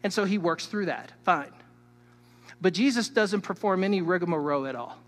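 A man preaching a sermon as a pastor, emphatic and teacherly, swinging between loud stresses and hushed asides while he speaks straight to his listeners. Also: high voice, animated, normal speed. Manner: teacherly, addresses the listeners directly. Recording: long hall reverb.

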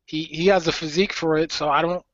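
A man's voice: on the high side, fairly even intonation, fast talker, no room sound. A man co-hosting a casual chat, giving his opinions matter-of-factly. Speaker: podcast co-host. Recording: dry lo-fi recording.

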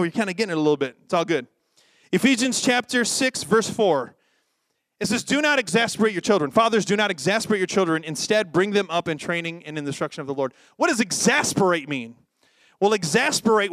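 High-voiced joking male preacher. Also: no echo, clean studio sound. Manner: lively, joking, acts out quoted voices. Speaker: pastor. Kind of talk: sermon.

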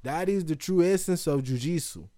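A man voicing a solemn male martial arts master with a put-on Brazilian accent, speaking in slow, emphatic, proverb-like phrases. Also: a little high, warm tone, no room sound, studio quality, voice pushed up, close to an everyday voice.

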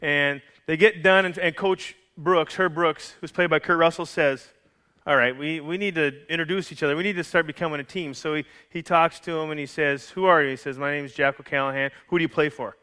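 A man's voice: a little high, fairly even intonation, brisk, sharp tone, clean tone. A man preaching a sermon as pastor, telling a story in a conversational way with frequent restarts and jokes for the congregation. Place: church.

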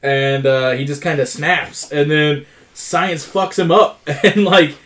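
Man, podcast co-host, animated, swears a lot, slightly high voice. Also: slow. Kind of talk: casual chat.

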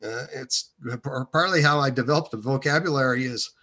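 A man recounting a personal story at an unhurried, halting pace. His voice is bright and forceful, pitched in a middle range. He often pauses on fillers as he rambles. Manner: hesitant and meandering, many fillers.

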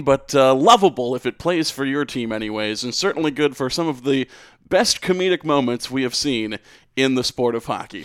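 Podcast host guy, kinda high smooth voice, teasing and upbeat, dry close mic. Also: fairly bright tone, no room sound. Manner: upbeat, quick to laugh and tease. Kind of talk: casual sports podcast chat.

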